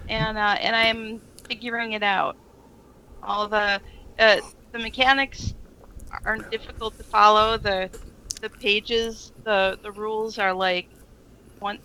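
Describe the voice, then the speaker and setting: A woman's voice: mid-range voice, gravelly, pushed and bright, a little hiss or hum, poor audio. A woman co-hosting a casual podcast chat, telling a rambling story full of fillers and laughs. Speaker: podcast co-host.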